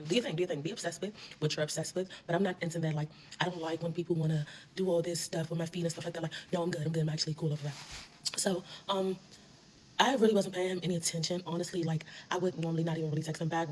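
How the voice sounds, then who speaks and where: A woman tells a casual storytime at a rapid clip, animated and full of slang and swearing. Her voice sits a little low. There is faint noise behind her. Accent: US Southern. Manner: animated, swearing, laughing while telling.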